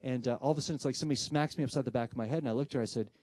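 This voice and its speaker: Talking very fast in a mid-range voice, with no echo, a man lively recounts a story to a live audience as part of a talk on spirit communication, acting out the voices in the dialogue he quotes.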